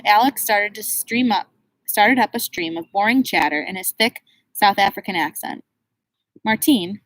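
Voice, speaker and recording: A woman narrating a children's novel in a steady, expressive reading voice. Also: medium pitch, rough recording. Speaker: audiobook narrator. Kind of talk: scripted storybook narration.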